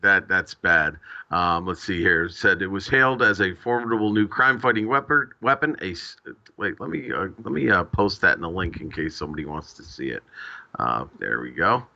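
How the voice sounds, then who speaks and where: Deep-voiced American man on a dull headset. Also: animated, fairly quick, vocal fry, sharp tone. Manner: hesitant, filler-heavy, reads articles aloud. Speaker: drone news stream co-host. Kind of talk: casual livestream chat.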